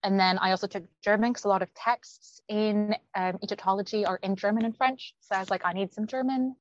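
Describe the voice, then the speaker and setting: An American woman from Arizona whose vowels have drifted toward British after years abroad, talking in an easy, storytelling way. Her voice sits at an ordinary pitch and comes across dry and a little dull, as if through a modest mic. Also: steady tone, fairly quick, dry recording. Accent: American with some British pronunciation picked up from living in London. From Arizona, United States. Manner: chatty, storytelling, laughs at own anecdotes. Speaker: guest. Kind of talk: casual interview chat. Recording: dull, slightly lo-fi, dry sound.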